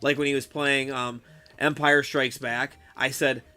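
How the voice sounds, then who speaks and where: A man's voice: medium pitch, level tone, unhurried, pushed and bright, clear, resonant tone, faint music behind. A young adult man chatting casually with viewers during a game live stream, swearing freely and laughing often. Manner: laid-back, swears a lot, laughs often, says dude.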